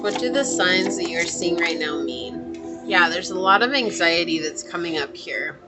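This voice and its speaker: A woman's voice: fairly low pitch, expressive, normal speed. Chatty woman giving a tarot reading. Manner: chatty, reassuring, with fillers and restarts. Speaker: tarot reader. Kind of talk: casual spoken tarot reading. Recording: music playing behind the voice.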